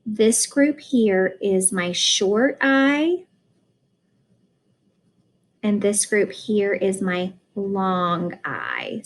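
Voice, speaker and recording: A woman teaching a phonics lesson at a very unhurried pace, stretching out each vowel sound. She speaks in a calm, mid-range voice and explains each step. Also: mid-range voice, a little hiss or hum, rough recording. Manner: slow, deliberate, sounds out vowels.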